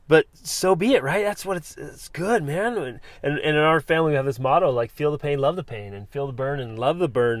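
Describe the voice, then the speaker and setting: A man's voice: mid-range voice, no echo, studio quality. An enthusiastic man in his forties, hosting a motivational talk and telling an adventure story with many restarts. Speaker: podcast host.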